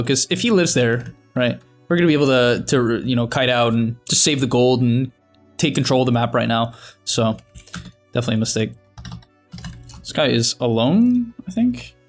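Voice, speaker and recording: A man commentating his own match in a casual, thinking-aloud way, critiquing his plays with restarts and quick laughs. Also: mid-range voice, lively intonation, faint music behind. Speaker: gameplay commentator.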